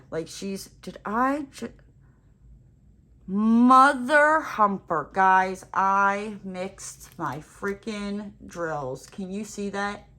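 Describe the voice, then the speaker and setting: A woman craft vlogger telling a rambling, animated story while she crafts, with playful self-mocking exclamations. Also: mid-range voice.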